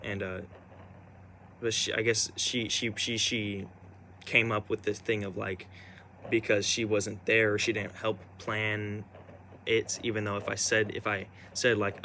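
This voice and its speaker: A young man telling a personal story in a rambling, halting way, full of restarts and fillers. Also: on the low side, flat delivery, pushed and bright, slight background noise.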